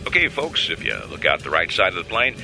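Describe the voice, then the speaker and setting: A calm airline captain. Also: male voice, deep voice, fast, vocal fry, exaggerated voice. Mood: deadpan. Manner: steady announcer-style delivery. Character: male airline pilot, calm straight-man captain. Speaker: pilot in a comedy sketch. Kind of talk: scripted comedy sketch. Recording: sketch with music bed.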